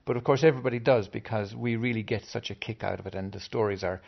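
A man hosting a storytelling show who reads his own short story aloud with dramatic, expressive delivery. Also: lowish voice, fast talker, creaky. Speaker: storytelling podcast host. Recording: dull lo-fi recording.

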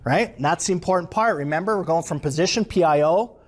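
Guy running a leadership workshop, high-ish voice, lively, keeps quizzing the crowd. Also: fast talker. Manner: animated, asks the audience questions. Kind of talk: interactive workshop talk. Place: room with a live audience.

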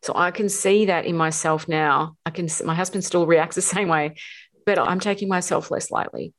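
A woman's voice: fairly low pitch, fairly even intonation, moderate pace. A woman hosting a relationship coaching podcast, talking emphatically and repeating words for stress. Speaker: podcast host.

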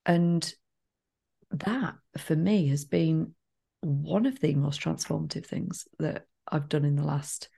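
Casual podcast co-host, female, husky and mellow, sharing stories in an earnest tone. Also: low-pitched. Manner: earnest, measured, personal storytelling. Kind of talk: casual reflective chat.

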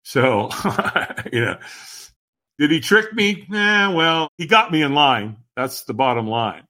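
A man's voice, a little higher than usual, swinging widely in pitch as he tells a personal story. His tone is bright and forceful, and he talks emphatically as a podcast guest, acting out other people's lines. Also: expressive, slow pace. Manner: acts out quoted voices, emphatic. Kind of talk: animated storytelling in conversation.

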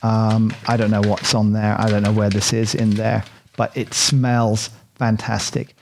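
Gravelly man chatting through a tasting. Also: on the low side, flat delivery, a little slow, noisy background. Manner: chatty, rambling and self-deprecating. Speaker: host tasting chocolate. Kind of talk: casual tasting chat.

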